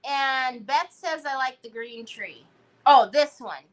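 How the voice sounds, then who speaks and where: A woman's voice: high voice, slow pace. A woman hosting a crafting livestream, chatting casually and playfully with cutesy baby talk while reading out viewers' comments. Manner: reads out viewers' chat comments. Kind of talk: casual live-stream chat while crafting.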